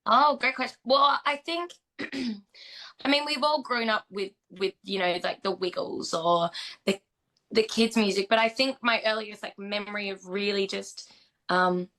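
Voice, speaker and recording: A woman's voice: medium pitch, measured pace, low-quality recording. A woman in her thirties with an Australian accent, a singer-songwriter chatting animatedly as an interview guest. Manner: chatty, animated, bursts into playful song. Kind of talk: casual interview chat.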